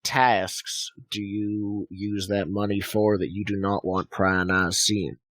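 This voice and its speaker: Man as deferential retainer, low-pitched and careful, dry recording. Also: little pitch movement, slow, fairly bright tone, no echo. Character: polite, upright male retainer questioning his lord.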